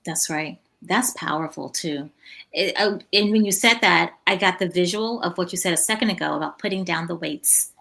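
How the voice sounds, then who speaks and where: A woman's voice: lowish voice, moderate pace, vocal fry, bright, forceful tone. A woman hosting a podcast interview, affirming her guest with many short responses. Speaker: podcast host.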